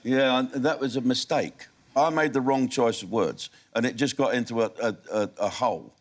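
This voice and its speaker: A comedian from England, guesting in a TV studio, gives candid answers to interview questions and chuckles at his own jokes. He speaks at a moderate pace with a medium-pitched voice.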